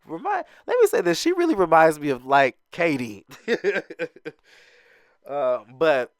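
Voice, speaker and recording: A man's voice: unhurried, no room sound, studio quality. Chatty man recapping reality TV. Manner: chatty and animated, laughs often, acts out quoted lines in a higher voice. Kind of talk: casual recap commentary.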